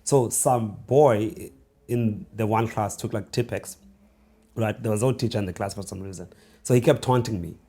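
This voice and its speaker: A low-pitched South African man in his forties, speaking as a guest author in a relaxed interview. He tells his memories slowly and reflectively, often restarting a phrase and dropping to a hushed, quiet tone. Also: slightly rough. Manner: reflective, halting restarts, slowing into hushed storytelling. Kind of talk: conversational interview storytelling.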